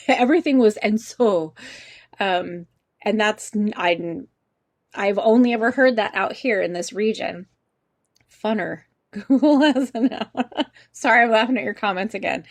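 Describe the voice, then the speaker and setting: A woman teaching a college English class over a video call, chatty and quick to laugh, often asking the class questions. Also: medium pitch. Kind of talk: online class lecture.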